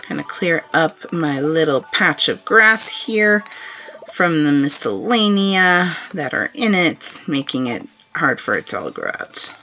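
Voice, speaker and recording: A woman streaming a game live, chatting in a relaxed way and laughing often as she plays, with dull lo-fi stream audio and faint game music behind her. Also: low-pitched, a little slow, a little hiss or hum. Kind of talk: live gameplay commentary.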